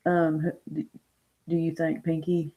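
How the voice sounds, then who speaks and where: A woman's voice: low voice, flat delivery, measured pace, phone-quality sound. A woman reading tarot cards on a casual live stream, chatting with viewers by name and thinking aloud as she lays out the cards. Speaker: tarot reader.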